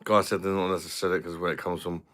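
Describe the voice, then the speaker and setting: A man's voice: sits low, little pitch movement, rapid-fire, fairly bright tone. A man from London with a British accent, chatting casually on a live stream and answering viewer comments. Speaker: beer review channel host.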